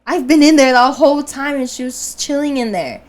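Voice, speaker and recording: This podcast co-host is a young woman with a high-pitched voice, talking a little fast as she casually narrates a dream. Lively and often laughing, she imitates the voices of the people who appeared in it.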